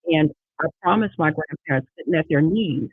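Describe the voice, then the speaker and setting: A woman's voice: low voice, moderate pace, breathy edge, no room sound. A woman in her fifties from Erie, Pennsylvania, answering interview questions earnestly and repeating key phrases for emphasis. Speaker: judicial candidate guest. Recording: tinny dry online call audio.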